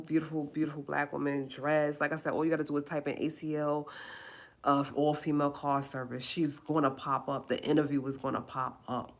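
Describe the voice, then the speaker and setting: Low-voiced woman ranting on a live stream. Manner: indignant, emphatic, repeats phrases. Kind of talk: impassioned live-stream rant.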